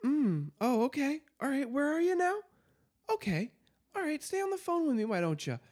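A calm emergency phone operator, as a man puts the voice on, pitched well above his usual voice and stretching each word as he humors the caller. The voice stays placid and patient. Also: normal speed. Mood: humoring.

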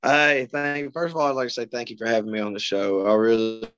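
A man's voice: mid-range voice, little pitch movement, fast, muffled recording, over music. A man from Arkansas, a podcast guest telling stories in an easygoing way and chuckling between points. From Arkansas, USA. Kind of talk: casual storytelling chat.

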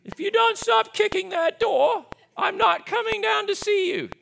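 A man impersonating his stern mother with an Australian accent, shouting a warning up to a child. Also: measured pace, vocal fry, heavily acted. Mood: scolding. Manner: shouting from a distance, high and posh. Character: scolding mother, woman, prim and stern.

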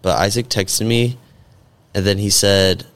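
A man's voice: fairly low pitch, fairly even intonation, a little slow, a bit bright. A man in casual podcast chat, telling a rambling, profane story full of fillers.

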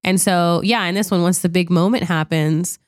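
A woman's voice: on the low side, fairly even intonation, normal speed, dry recording, clean studio sound. A young woman chatting casually about a film, laughing often and acting out lines. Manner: chatty, laughs often, acts out quotes with a swear. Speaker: podcast co-host. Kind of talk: casual chat reviewing a film.

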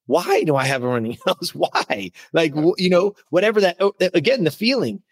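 A man hosting a podcast interview in casual chat, talking with energy and emphasis, his voice jumping up when excited. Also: sits high, a little fast, husky, no echo. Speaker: podcast host.

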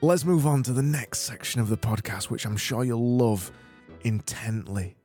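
A man's voice: medium pitch, normal speed, a little mellow, faint music behind. A man hosting a comedy podcast, sarcastically gushing thanks to listeners in a mock-cheerful monologue with stammering restarts. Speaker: podcast host.

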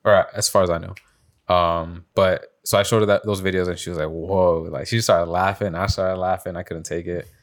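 Low-voiced man rambling through a story. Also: steady tone, a little fast. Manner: rambling storytelling, many fillers, swears. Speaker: podcast host. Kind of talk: casual chat.

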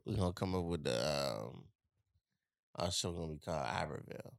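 A woman's voice: very deep voice, fairly quick, vocal fry, dry recording, clean studio sound. A woman in casual conversation, joking and making playful interjections. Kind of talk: casual chat.

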